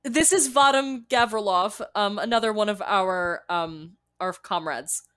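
A woman's voice: medium pitch, unhurried, a bit bright, clear, resonant tone. Flustered polite woman player. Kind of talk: casual tabletop play.

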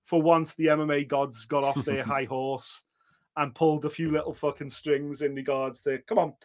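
A man co-hosting a podcast in casual sports chat, animated and swearing freely, often acting out what other people said. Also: a little high, moderate pace. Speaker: podcast co-host.

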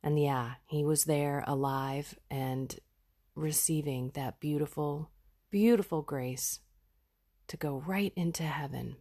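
A woman's voice: deep voice, slow, dark tone. A woman hosting a podcast, sharing a raw personal reflection in an earnest, heartfelt way. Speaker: podcast host.

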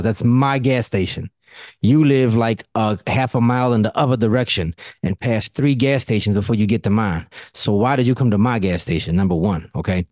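A man's voice: on the low side, warm tone, no room sound, clean studio sound. A man hosting a casual podcast conversation, telling blunt stories and swearing freely. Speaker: podcast host.

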